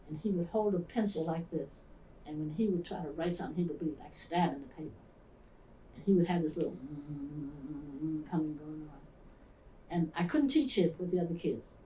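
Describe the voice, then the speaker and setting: In a storytelling interview, a lowish-voiced older woman pastor from the Philadelphia area relives past events, lively and acting out each character's voice. Picked up by a distant mic in a roomy space, the audio carries slight background noise.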